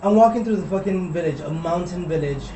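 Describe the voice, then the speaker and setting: Brisk and mellow, this high-pitched young man from Laredo, Texas, co-hosts a podcast and tells a long story casually, rambling and swearing until his words fade into mumbles. The mic sits at a distance in a roomy room, and there's a faint hiss.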